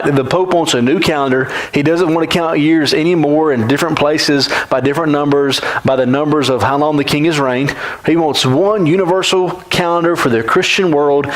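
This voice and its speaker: A man's voice: a little high, a bit bright, poor audio. A man teaching a Bible class in a church classroom, talking conversationally and often checking in with the class by asking "right?".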